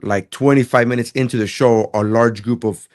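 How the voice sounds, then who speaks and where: A man on a podcast telling a story from his comedy gig in a casual, animated way, acting out the dialogue. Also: mid-range voice, normal speed. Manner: animated, acts out dialogue in quotes.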